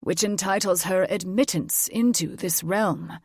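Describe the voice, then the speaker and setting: A woman voicing a big, protective old male dragon grandfather in an audiobook, calm and wry. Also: mid-range voice, measured pace, breathy edge, dry recording, studio quality. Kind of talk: audiobook character voice.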